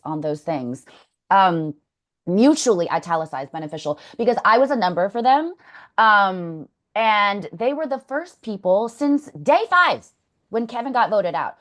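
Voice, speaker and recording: A woman talking candidly as an interview guest, blunt, swearing freely and telling stories with energy. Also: mid-range voice. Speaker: former contestant, interview guest.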